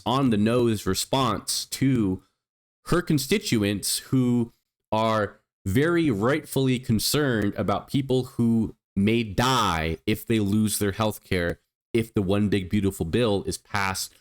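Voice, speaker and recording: A man hosting a political commentary show, speaking with indignant emphasis and reading out statistics. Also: fairly low pitch. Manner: indignant, emphatic, reads out figures. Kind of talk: opinion commentary.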